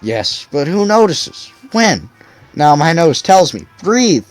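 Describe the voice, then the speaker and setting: A man's voice: a little high, very animated, measured pace, no echo, faint music behind, pitched above the performer's own voice. A man voicing a tearful aging small-town barber who talks in wistful questions.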